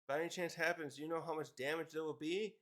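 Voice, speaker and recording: A man voicing an eccentric old man who loves watching mayhem, in a relaxed drawl. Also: fairly high pitch, fast, natural voice. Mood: amused.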